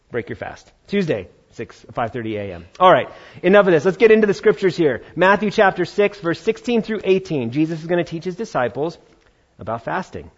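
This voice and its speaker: A man preaching a sermon as pastor, talking in a conversational, animated way with playful asides. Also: medium pitch. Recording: dull lo-fi sound.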